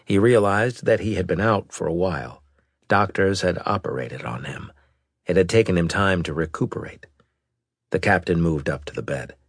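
Deep, husky male audiobook narrator. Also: animated, moderate pace, no echo, studio quality. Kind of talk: scripted narration.

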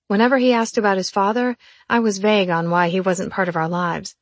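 A woman narrating a first-person novel as an audiobook, in an even, measured reading. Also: mid-range voice, dry recording.

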